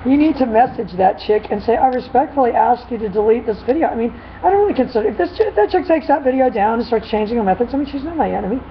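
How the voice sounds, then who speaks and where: A woman dog trainer chatting casually in a vlog, retelling a dispute in an animated, rambling way with frequent laughs. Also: fairly high pitch, rapid-fire, hardly any pauses. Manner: animated storytelling, laughs often. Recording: dull lo-fi with faint noise.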